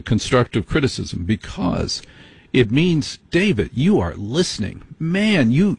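An American middle-aged man hosts an overnight radio show, his voice medium-pitched and husky in a dry recording. He chats casually in late-night style, rambling with wry, self-deprecating asides.

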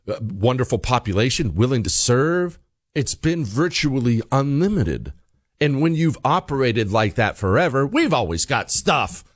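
Guy doing a radio talk show rant, lively up and down voice, really dry close mic. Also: mid-range voice, no room sound. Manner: animated, emphatic, slows down for emphasis. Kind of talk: political commentary monologue.

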